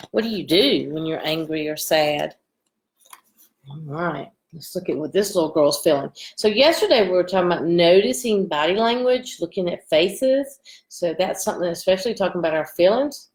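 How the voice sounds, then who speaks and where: Gentle woman teacher reading to young kids. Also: fairly low pitch, lively intonation, normal speed. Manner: gentle and encouraging, asks children questions. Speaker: elementary school teacher. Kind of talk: reading a picture book aloud to young children.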